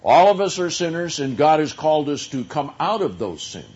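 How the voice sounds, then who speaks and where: A man preaching a sermon, teaching from scripture in a slow, deliberate way with drawn-out emphasis. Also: fairly high pitch, big pitch swings, a little mellow, lo-fi sound.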